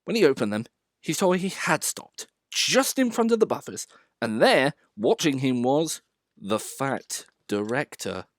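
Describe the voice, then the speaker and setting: A man reading a children's storybook aloud as the narrator, in an expressive way. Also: medium pitch, unhurried, no room sound, studio quality.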